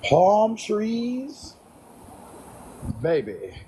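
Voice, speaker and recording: Livestream host, male, high-pitched, blunt and foul-mouthed, casual rant, faint background noise. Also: drawn-out words. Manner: profane, blunt and animated.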